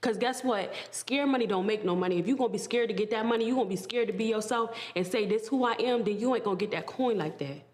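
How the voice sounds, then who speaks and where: A woman's voice: on the high side, fast, few pauses, a little mellow. A woman in an interview clip, speaking brashly and explicitly in slangy casual talk.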